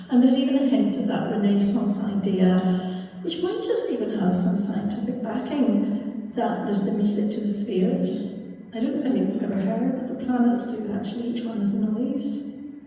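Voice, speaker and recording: Woman, chatty church lecturer reading aloud, dark tone, distant echoey hall. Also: mid-range voice. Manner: chatty asides with many fillers. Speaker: guest speaker at a church. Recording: echoey church hall from far off, faint noise.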